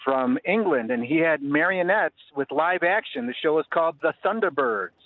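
A man's voice: a little high, animated. Hesitant male caller on a tinny phone line. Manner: hesitant, lots of uh pauses. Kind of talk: casual phone-in chat.

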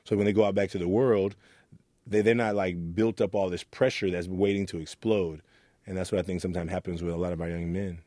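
Low mellow man from Oakland. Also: steady tone, fairly quick, no echo. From Oakland, California. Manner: earnest storytelling, acts out quoted voices. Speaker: youth mentor. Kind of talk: reflective interview talk.

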